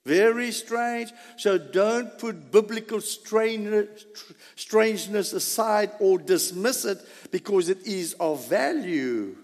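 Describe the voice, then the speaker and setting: A man preaching a sermon, animated, with sudden loud bursts and low asides. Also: takes it slowly. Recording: reverberant hall.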